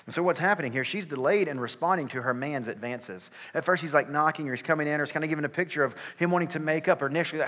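A man's voice: fairly high pitch, racing, few pauses, fairly bright tone, long reverb tail. A male pastor giving a sermon in an earnest, conversational way, with casual filler words.

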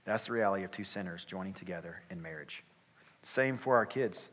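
A man's voice: deep voice, brisk, fairly bright tone, long reverb tail. A male pastor giving a sermon in an earnest, conversational way, with casual filler words.

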